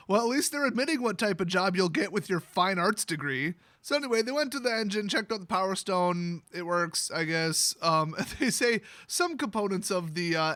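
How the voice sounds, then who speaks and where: A man's voice: high-pitched, pushed and bright, no echo. Sarcastic man mocking a fantasy story. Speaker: video host retelling a fantasy novel. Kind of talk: sarcastic comedic story retelling.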